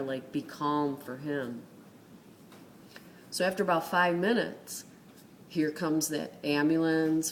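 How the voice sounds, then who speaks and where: A woman with a low, unhurried voice tells a personal story of faith in an earnest, conversational way, pausing on fillers as she goes. A faint hiss sits under her voice. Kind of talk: casual spoken testimony.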